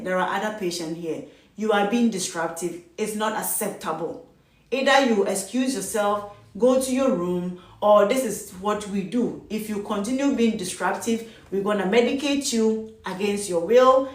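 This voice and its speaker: Firm woman, echoey and distant. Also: a little high. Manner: firm, emphatic, mixes English with Twi. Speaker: charge nurse. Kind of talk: casual advice talk.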